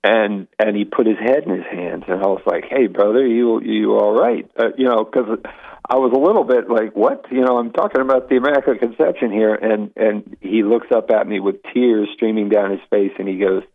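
A man's voice: lowish voice, a little fast. A man, a Catholic apologist, telling stories as a guest on a radio interview, full of restarts and asides. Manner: animated storyteller with many restarts. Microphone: phone call into radio show. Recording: tinny phone line.

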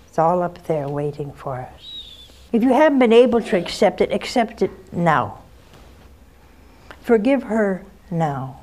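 Speaking in a warm voice on the low side, an elderly nun runs a call-in program, offering callers blunt spiritual guidance and folksy, straightforward stories about her own life.

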